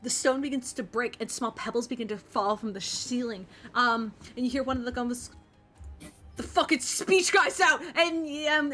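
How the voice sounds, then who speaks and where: A woman's voice: fairly high pitch, fairly bright tone. Chatty young woman running a tabletop game. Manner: chatty, lots of um and like. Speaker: game master.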